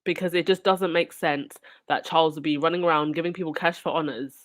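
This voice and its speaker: A woman's voice: low voice, steady tone, fairly quick. Sarcastic woman commenting on royal news. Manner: sarcastic, indignant asides. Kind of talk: reading news aloud and commenting.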